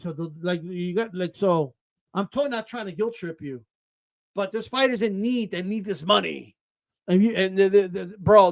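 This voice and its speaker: High-pitched male streamer from Texas, profane heated rant, full of restarts and mock quotes, dry untreated sound. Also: moderate pace, no room sound. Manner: mocks others in quoted voices. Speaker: boxing commentator. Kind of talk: casual livestream rant.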